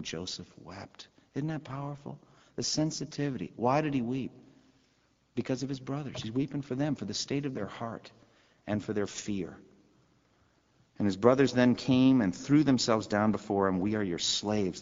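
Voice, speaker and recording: A man's voice: lowish voice, big-room sound, dull audio. A pastor preaching a sermon in a conversational way, asking his listeners rhetorical questions.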